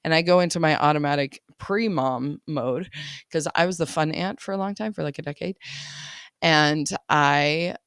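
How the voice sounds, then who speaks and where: A woman's voice: deep voice, moderate pace, fairly bright tone, smooth, no echo, clean studio sound. A woman life coach talking casually in a chatty, laughing way, often checking in with "right?". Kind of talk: casual coaching podcast talk.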